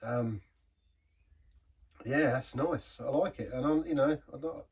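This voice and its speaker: A man talks through a beer in a casual review. His voice is husky and sits back from the mic, a bit distant in the recording. He rambles, trails off and restarts mid-sentence. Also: mid-range voice, takes it slowly, a little mellow.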